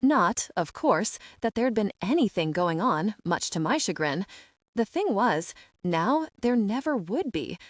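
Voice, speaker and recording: A woman's voice: mid-range voice, very animated, unhurried, no room sound, clean studio sound. A young woman reading a first-person young adult audiobook in a wry, confiding and emotional way. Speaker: audiobook narrator.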